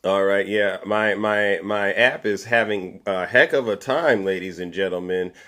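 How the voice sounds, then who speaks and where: A man's voice: fairly low pitch, unhurried, sharp tone. A man hosting a political commentary livestream, boastful and showy, with catchphrases. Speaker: livestream host.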